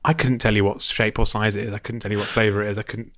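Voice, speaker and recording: A man's voice: lowish voice, level tone, fast, a bit bright. A man co-hosting a comedy podcast, rambling and joking, laughing often as he talks. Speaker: podcast co-host. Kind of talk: casual comedic chat.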